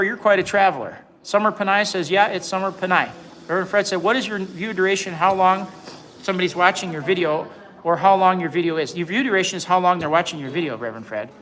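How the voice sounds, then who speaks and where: A high-pitched, slightly bright male voice comes through a rough recording. The speaker, a livestream host in his forties, reads viewer comments aloud and rambles casually, frequently restarting and repeating words.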